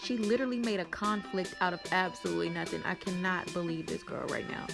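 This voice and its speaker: A woman from from there, recapping a reality show in a sassy, animated, gossipy way. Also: fairly low pitch, fast, gravelly, over music. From North Carolina. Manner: sassy, animated storytelling with exclamations.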